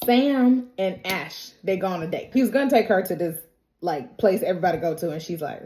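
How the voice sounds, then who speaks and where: A woman's voice: on the low side, fairly quick, dark tone, a little hiss or hum. A woman recapping a TV episode in a casual, chatty way, with a slangy, colloquial manner, acting out the characters' lines and laughing often. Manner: chatty storyteller, acts out quotes, laughs often. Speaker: TV recap vlogger.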